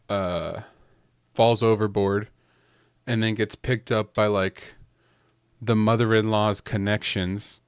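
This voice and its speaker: A man's voice: lowish voice, clear, resonant tone, dry recording, clean studio sound. A young man in casual chat, rambling through a movie plot with lots of "like" and briefly acting out the characters' lines. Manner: rambling storyteller, leans heavily on "like". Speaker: podcast panelist.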